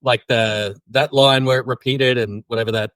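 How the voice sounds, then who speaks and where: A man's voice: mid-range voice, fairly even intonation, moderate pace, fairly bright tone, dry recording. A playful man in casual podcast chat, spinning joking theories. His voice sits mid-range and sounds dry and close. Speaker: podcast co-host.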